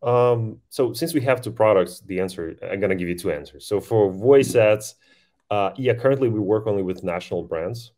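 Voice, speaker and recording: A man speaking as a guest on a podcast interview, talking quickly and eagerly with frequent restarts. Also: on the low side, dark tone. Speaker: podcast guest, voice-tech company founder.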